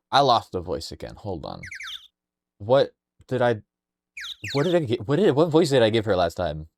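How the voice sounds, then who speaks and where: A young man chatting through a game stream, rambling and playful as he reads lines aloud. His voice sits fairly low but swings widely in pitch. Steady noise and mouse clicks sit under the home mic. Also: normal speed, pauses often. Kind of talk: casual game-playing commentary.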